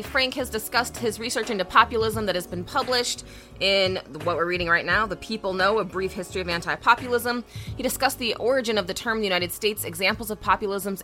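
A woman's voice: medium pitch, fairly quick, sharp tone, soft background music. A woman co-hosting a podcast in casual chat, reading facts aloud in a dry manner. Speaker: podcast co-host.

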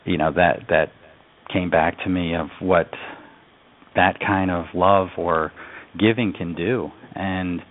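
Speaking slowly in a steady, low voice, this upstate New York man tells a story as a radio interview guest, sounding earnest and reflective. The audio comes through a phone line.

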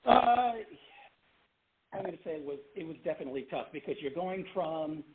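A middle-aged man from Canada who tells stories in an animated way and laughs often. His voice sits high for a man. The sound is narrow and tinny, like it came down a phone line. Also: moderate pace. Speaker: guest, former child pop singer. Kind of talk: casual interview storytelling.

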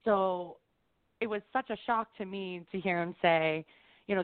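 A woman's voice: medium pitch, normal speed, no room sound. A woman guest on a podcast, answering questions in an earnest, open way with hesitant fillers. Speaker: podcast guest, reality show contestant. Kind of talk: casual interview answers. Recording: dry phone-like line.

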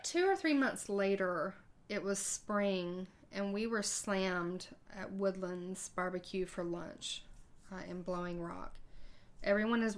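A woman podcast host telling a personal story in a conversational way, acting out the dialogue with halting hesitations. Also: medium pitch.

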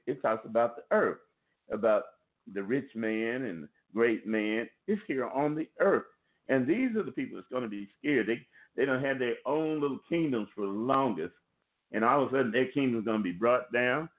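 A man preaching a sermon to listeners on a conference call, warning them in an earnest, repetitive way and restarting phrases as he goes. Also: medium pitch. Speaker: pastor. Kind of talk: sermon over a phone line. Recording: tinny phone line.

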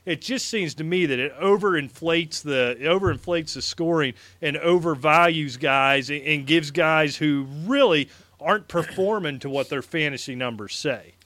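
A man's voice: fairly high pitch, normal speed, bright, forceful tone, no echo. A man co-hosting a casual fantasy football show in a small studio, rambling and self-deprecating as he makes his point. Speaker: co-host. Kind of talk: casual sports chat.

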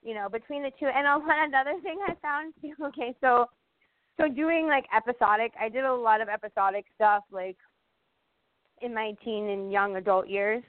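A woman's voice: on the high side, normal speed, dry recording. A middle-aged woman, a guest actress, telling set stories in casual chat, emphatic and full of "you know what I mean". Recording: tinny dry phone-like line.

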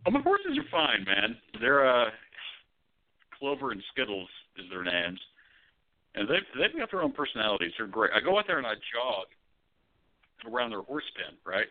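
A man co-hosting a podcast, telling stories in a loose, profane, animated way. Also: mid-range voice, normal speed, long pauses. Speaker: podcast co-host. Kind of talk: casual chat. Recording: tinny phone-like audio.

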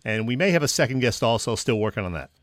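A man co-hosting a casual sports radio chat, relaxed and jokey as he tells stories. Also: medium pitch, fast talker, no room sound, studio quality. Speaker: co-host.

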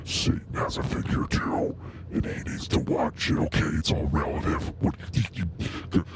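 A man's voice: very deep voice, steady tone, moderate pace, very noisy, voice pushed down. A man using a voice modulator to play a whiny, insecure male Satan who complains about having feelings in a comic podcast bit. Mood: self-pitying. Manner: complaining, self-pitying.

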